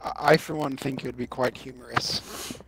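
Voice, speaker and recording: A man in his twenties streaming a game with friends, teasing them in deadpan jokes. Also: mid-range voice, moderate pace, creaky, background noise. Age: 20s. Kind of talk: casual gaming banter.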